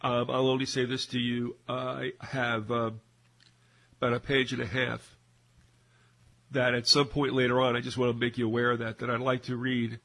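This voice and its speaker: A man's voice: medium pitch, completely flat delivery, moderate pace, a bit bright. A man co-hosting a casual talk radio discussion, rambling with many fillers and restarts. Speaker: co-host.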